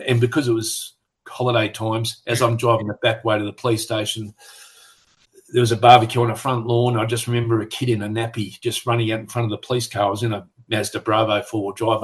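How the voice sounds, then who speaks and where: An Australian man in his sixties talks in a low, level voice that barely rises or falls. He speaks haltingly and reflectively, often starting a thought over. He comes through a video call as an interview guest. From Western Australia. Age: 60s. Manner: halting and reflective, frequent restarts. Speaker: retired police superintendent, guest. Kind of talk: conversational interview.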